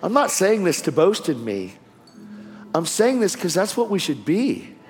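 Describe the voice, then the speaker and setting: A man's voice: sits high, big pitch swings, unhurried, background noise. A man preaching a testimony sermon with fervor and casual slang, calling people "man" and "bro". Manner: fervent, street-casual slang. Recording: long hall reverb.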